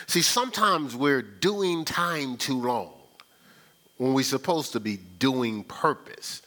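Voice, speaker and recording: A man's voice: mid-range voice, lively intonation, takes it slowly, pushed and bright. A male pastor preaching a sermon in a colloquial, conversational way, often asking the crowd "right?". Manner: call-and-response, asks "right?".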